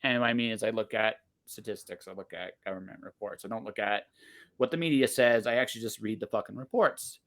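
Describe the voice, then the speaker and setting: A man's voice: fairly low pitch, fast, fairly bright tone. A man in his forties in casual podcast conversation, blunt and emphatic, swearing freely and often cutting himself off mid-sentence. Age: 40s.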